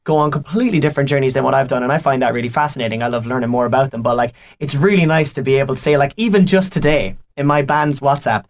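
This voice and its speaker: A young Irish man, a radio presenter, chatting eagerly and telling stories on a podcast. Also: mid-range voice. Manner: chatty storyteller, fast and eager. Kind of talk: casual podcast chat. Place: radio studio.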